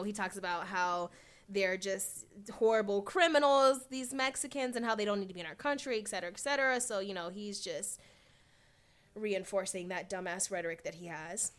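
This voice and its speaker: A woman co-hosting a podcast, talking through the news in casual chat with animated, indignant commentary and frequent fillers. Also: mid-range voice. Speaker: podcast co-host.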